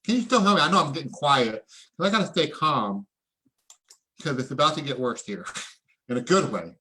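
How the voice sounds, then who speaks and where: Excitable male presenter with a bright, forceful voice, preachy, calls for audience responses. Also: medium pitch, normal speed. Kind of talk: online sales presentation.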